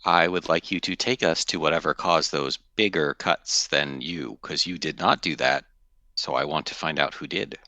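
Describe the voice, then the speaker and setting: Deep, gravelly male player. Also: normal speed, pushed and bright, no echo. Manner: blunt, direct questions. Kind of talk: in-character tabletop play.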